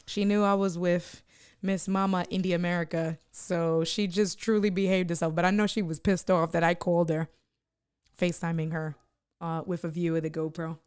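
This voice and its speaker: A woman's voice: lowish voice, level tone, normal speed, a little mellow, smooth, no echo, clean studio sound. A woman live-streaming, chatting casually and joking with her viewers as she reads their comments.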